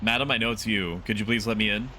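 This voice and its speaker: A man's voice: lowish voice, fast, sharp tone, slight background noise. A man voicing a dutiful young bailiff who formally apologizes while seizing a home. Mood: apologetic.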